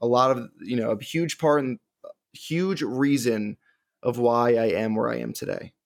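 A man's voice: mid-range voice, fairly even intonation, moderate pace, gravelly, no room sound, clean studio sound. A man in his twenties co-hosting a podcast, talking casually in a rambling, earnest way over a call. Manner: rambling, filler-heavy, earnest. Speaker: podcast co-host. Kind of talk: casual chat.

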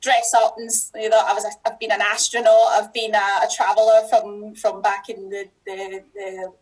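A woman's voice: mid-range voice, little pitch movement, moderate pace, husky, low-quality recording. A middle-aged woman from Scotland with a Scottish accent, a teacher talking casually as a podcast guest, chatty with frequent restarts and laughs.

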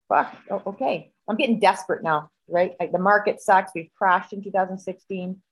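Woman guest on a video call, fiery and foul-mouthed storyteller, medium-pitched voice. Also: moderate pace, hardly any pauses, breathy edge, low-quality recording. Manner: profane, heated, animated storytelling.

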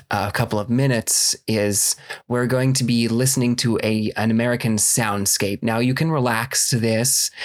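A man co-hosting a comedy podcast, mock-soothing and full of hesitations. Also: mid-range voice. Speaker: podcast co-host.

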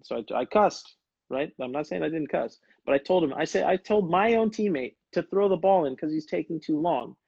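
Relaxed man telling stories on a stream. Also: a little high, fairly quick, vocal fry, slightly rough, no echo, muffled recording. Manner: laid-back storytelling, calls people brother. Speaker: livestream host, former pro soccer player. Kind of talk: casual livestream chat.

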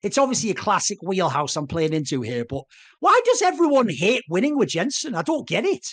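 A man giving casual esports podcast banter as an analyst, ranting in an animated way and swearing often. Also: high voice, fairly quick, breathy edge.

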